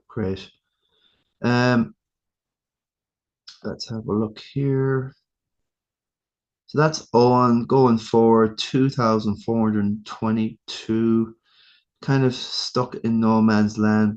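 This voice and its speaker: An Irish man hosting a casual fantasy football review, rambling and ranting in exasperated asides. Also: on the low side. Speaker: fantasy football league host. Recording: dull lo-fi sound.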